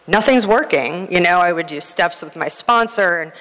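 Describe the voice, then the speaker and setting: A woman's voice: lowish voice, moderate pace, bright, forceful tone, clean tone. A woman giving a candid, rambling personal testimony at a recovery meeting, full of fillers. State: nervous, near tears. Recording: reverberant hall.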